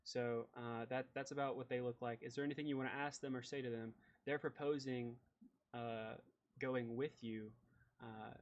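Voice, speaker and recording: A man's voice: medium pitch, fairly even intonation, moderate pace, dull audio. A man narrating as game master in a loose, rambling way full of fillers.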